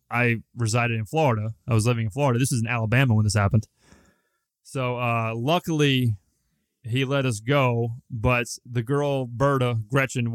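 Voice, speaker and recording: A man's voice: mid-range voice, no room sound. A young man co-hosting a podcast, telling a long, rambling, profane story in a casual, laid-back way. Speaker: podcast co-host.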